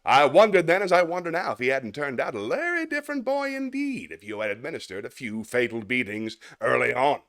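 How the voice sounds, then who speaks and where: A man's voice: medium pitch, very animated, brisk, hardly any pauses, a bit bright. A man performing a comic monologue as a pompous, callous male school headmaster with stiff, formal bluster. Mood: furious.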